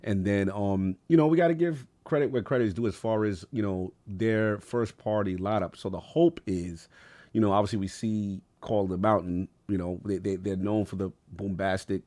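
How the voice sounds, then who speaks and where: A man co-hosting a casual gaming podcast, measured and even-handed, laughing easily with his co-hosts. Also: on the low side. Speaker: podcast co-host.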